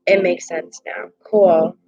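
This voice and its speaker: A woman's voice: on the low side, fairly even intonation, slow pace, dark tone, highs cut off. Chatty woman giving a live tarot reading. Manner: chatty, emotional, reacts aloud to viewer comments. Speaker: tarot reader streaming live. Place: home desk at a laptop. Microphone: laptop microphone.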